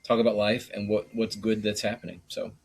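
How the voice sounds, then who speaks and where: A man's voice: fairly low pitch, little pitch movement, a little fast, breathy edge. A man co-hosting a podcast in casual chat, easygoing, laughing often and restarting his sentences. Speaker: podcast co-host.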